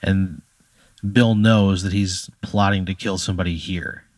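A man's voice: low voice, fairly even intonation, a little slow, no echo. A man telling an improvised comedy story, rambling with lots of filler words.

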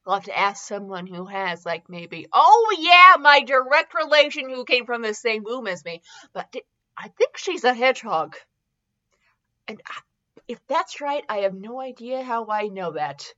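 A woman's voice: on the high side, lively intonation, moderate pace, sharp tone, muffled recording. Sarcastic woman reading fanfiction aloud. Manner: sarcastic, laughing asides, stumbles over words. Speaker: podcast host reading fanfiction.

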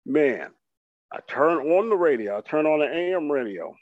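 A man co-hosting a podcast, delivering a comedic rant in an animated, mock-boastful way and acting out his own excitement. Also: on the high side, moderate pace, no echo, dull audio. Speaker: podcast co-host.

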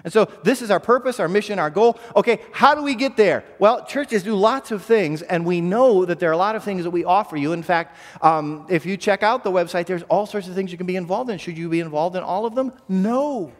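A man's voice: sits high, brisk, few pauses, big-room sound. A man preaching a sermon as pastor, earnest, often repeating a word as he restarts a phrase.

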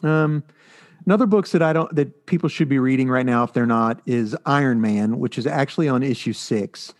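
A man with a medium-pitched voice talks a little fast as co-host of a podcast reviewing comics. In casual conversation, he rambles through his stories with many fillers.

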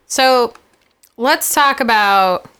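A young woman co-hosting a podcast, giving a blunt, opinionated movie review in casual chat, telling stories with animated asides. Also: fairly high pitch, slow pace, clean tone. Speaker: podcast co-host.

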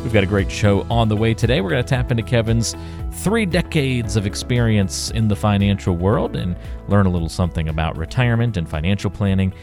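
A man co-hosting a radio talk show, upbeat and easygoing as he sets up topics. His voice sits a bit low. Faint music plays behind him. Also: animated, fairly quick. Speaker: radio co-host.

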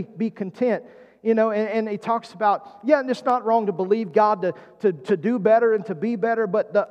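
A man preaching a sermon as pastor, drawing the congregation in with calls and questions. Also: high voice. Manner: preaching with call-and-response prompts. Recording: long hall reverb.

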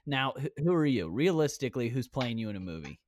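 A man's voice: medium pitch, very animated, fast talker, a little mellow, slight background noise. A man in his twenties hosting a podcast from home on a headset, chatting casually, brash and teasing, swearing freely. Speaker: podcast host. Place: home, recording virtually.

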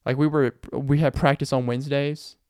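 A young man hosting a podcast, telling rambling, animated stories in a casual monologue and laughing often. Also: medium pitch, normal speed, no echo, clean studio sound. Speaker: podcast host.

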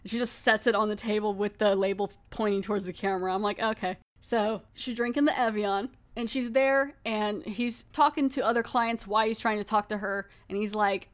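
A woman hosting a podcast, talking through an episode in a loose, chatty way with lots of "like" and "um". Her pitch sits in a middle range. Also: steady tone, fairly quick, few pauses. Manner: chatty, laughing, many fillers. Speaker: podcast host. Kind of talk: casual episode recap.

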